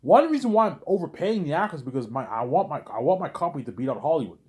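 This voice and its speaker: A man's voice: a little high, very animated, very fast, darkish tone. A man talking through a rambling, repetitive monologue with a lot of swearing, reenacting conversations as he goes. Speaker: vlogger.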